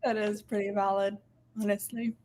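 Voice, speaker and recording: A woman's voice: medium pitch, flat delivery, normal speed, darkish tone. A woman co-hosting a casual writing livestream, playful and laughing often. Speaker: co-host and writer.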